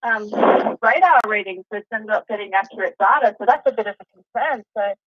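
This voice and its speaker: A woman's voice: medium pitch, a little fast, dry recording. A woman with an Australian accent calling in to a talk show, chatting in a rambling, easygoing way and laughing easily. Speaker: caller. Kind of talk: casual call-in chat. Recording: dull distant phone-line sound.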